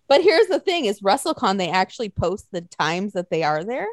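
A woman's voice: mid-range voice, moderate pace, no room sound, studio quality. A woman co-hosting a casual chat, telling stories with lots of swearing and acted-out quotes. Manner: animated storytelling, swears a lot, acts out quotes.

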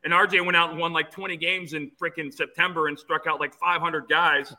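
A man's voice: on the high side, brisk, poor audio. Tense-voiced man in his fifties. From Phoenix, USA. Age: 50s. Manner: animated storyteller with many restarts. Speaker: interview guest, former player. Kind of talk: storytelling in an interview.

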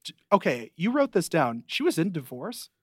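A young man co-hosting a podcast, recapping a sitcom in a casual, dry, rambling way with quick asides. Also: on the high side, big pitch swings, slightly rough, no echo. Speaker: podcast co-host. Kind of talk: casual chat.

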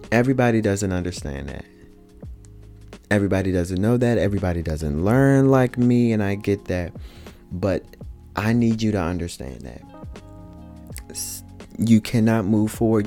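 A man's voice: low-pitched, warm tone. A man talking earnestly in a reflective personal monologue, speaking colloquially to his listeners and repeating key points for emphasis.

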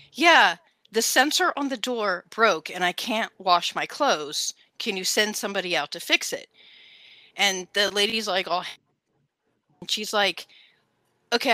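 A woman co-hosting a casual podcast chat, telling an animated story and acting out quotes in a high voice. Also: unhurried, no room sound. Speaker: podcast co-host.

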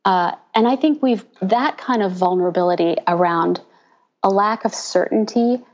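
A woman pastor and author talking in a casual interview, telling stories with lively mimicry of the people she quotes. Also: mid-range voice, normal speed, dull audio. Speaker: pastor and author, podcast guest.

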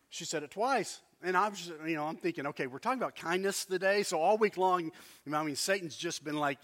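Bright, animated preaching man. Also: sits high, a little fast. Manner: animated storytelling with asides to the congregation. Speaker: pastor. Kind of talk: sermon.

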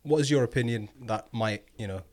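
A man hosting a relaxed football podcast chat, teasing his friends with trivia. His voice sits at a middling pitch, and he stretches his prompts out as he talks. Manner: quizzing co-hosts, teasing, drawn-out prompts. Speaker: podcast host.

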